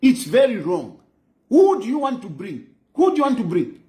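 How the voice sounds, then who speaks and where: A man's voice: very high-pitched, huge pitch swings, normal speed, warm tone. A man with a Zambian accent, lecturing in a mocking way and repeating phrases for emphasis, recorded in an echoey room. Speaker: political commentator. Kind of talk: impassioned monologue.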